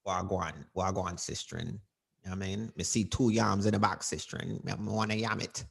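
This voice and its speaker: Dude putting on a white boy faking jamaican patois, low and murmured, mocking. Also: flat delivery, fairly quick, creaky, slightly rough, heavily acted.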